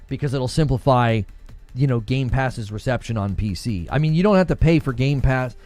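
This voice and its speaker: A man's voice: mid-range voice, animated, normal speed, darkish tone, faint music behind. A man hosting a casual gaming livestream, reading chat and talking back to it, laughing often.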